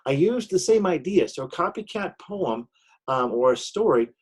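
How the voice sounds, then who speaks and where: A man's voice: fairly high pitch, big pitch swings, moderate pace, breathy edge. A man teaching a recorded online lesson while sharing his screen, explaining step by step with frequent "okay?" check-ins and "um" fillers.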